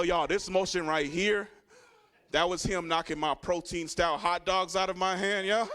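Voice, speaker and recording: A man on a comedy club stage tells stories into a handheld mic. His voice sits a little high and leaps up into shouted punchlines, then sinks to a low mumble whenever he plays someone else. He swears freely and keeps checking in with the crowd. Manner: loud, animated storytelling with shouted punchlines. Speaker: stand-up comedian. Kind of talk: stand-up set.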